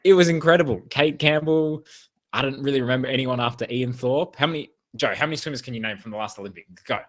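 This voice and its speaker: A man's voice: mid-range voice, quick pace. A man with an Australian accent co-hosting a podcast in casual chat, joking and rambling and often laughing. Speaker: podcast co-host.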